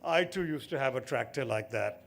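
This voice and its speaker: A man's voice: medium pitch, animated, moderate pace, creaky, a bit bright, voice pushed down. A man voicing a proud Indian small farmer in a told joke.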